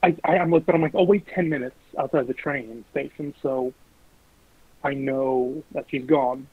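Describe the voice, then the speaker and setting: Speaking at normal speed in a husky mid-range voice, a young adult guest casually shares animated, sweary stories about his dating life, mimicking voices in quotes. The recording is dry, lo-fi, and phone-like.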